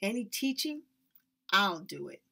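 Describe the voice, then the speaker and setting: A woman doing a calm, firm father. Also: medium pitch, a little slow, gravelly, heavily acted.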